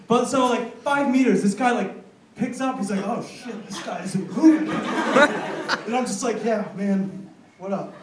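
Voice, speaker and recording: High-voiced American man doing stand-up. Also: unhurried, crowd noise. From United States. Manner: rambling, animated storytelling with acted-out voices. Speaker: stand-up comedian. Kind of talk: stand-up comedy set. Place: comedy club stage. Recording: roomy, distant live club recording with noise. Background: audience laughter.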